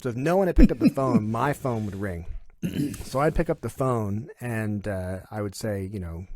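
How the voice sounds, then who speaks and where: A middle-aged man from Canada, chatting casually and telling animated stories, slipping into playful impressions. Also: fairly low pitch, moderate pace, a little hiss or hum. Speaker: comedian and voiceover artist as guest. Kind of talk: casual chat.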